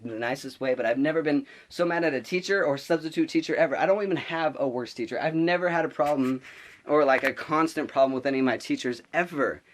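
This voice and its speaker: A teenage boy telling a story in a casual vlog, rambling and animated, full of restarts and filler words. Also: mid-range voice. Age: teens. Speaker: vlogger.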